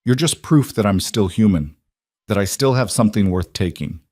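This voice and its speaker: A man's voice: on the low side, expressive, normal speed, dark tone, no room sound, clean studio sound. A man voicing a beaten young man, a mobster's son, speaking strained and anguished.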